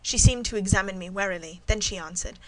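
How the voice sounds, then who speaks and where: A woman narrates a classic novel in the first person with an even, measured delivery. Her voice sits at a middle pitch for a woman. It has the steady pacing of a scripted audiobook. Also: a crowd in the background, poor audio.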